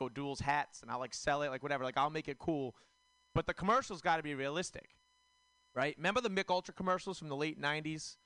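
A man's voice: fairly high pitch, fairly bright tone, smooth, no echo. A man doing a stand-up comedy set on a club stage, rambling and full of fillers. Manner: rambling, filler-heavy delivery. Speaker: stand-up comic.

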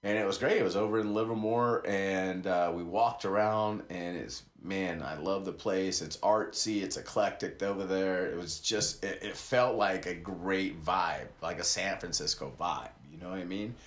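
A man's voice: deep voice, normal speed, few pauses, reverberant. A man hosting a podcast, talking loosely and wandering from topic to topic while speaking straight to his listeners. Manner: loose, digressive, talks to listeners directly. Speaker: podcast host. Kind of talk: rambling casual monologue. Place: small community radio studio.

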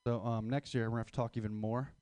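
A man's voice: mid-range voice, flat delivery, rapid-fire, mellow, no room sound. A man in his twenties doing a stand-up comedy set, crude, rambling and self-mocking. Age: 20s. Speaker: stand-up comic.

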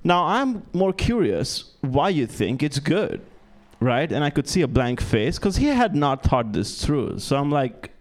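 A man's voice: a little high, very animated, a little slow, few pauses. A young man performing a stand-up comedy set on a club stage, self-deprecating and stumbling over restarts. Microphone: handheld stage mic.

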